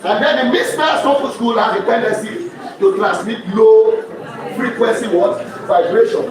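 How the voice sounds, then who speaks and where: A high-pitched male lecturer quizzes his class with one question after another, checking often that they are following. He sounds far from the mic in a large, very echoey hall, and crowd noise is heard around him. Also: measured pace. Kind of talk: call-and-response lecture.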